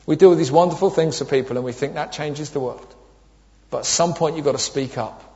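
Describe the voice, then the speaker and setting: A man in his thirties preaches with a high, light voice, telling funny stories and voicing the people in them. The sound is dull and lo-fi, with a long echo of a church hall. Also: fairly quick, dark tone. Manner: humorous storytelling with acted quotes. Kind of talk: sermon.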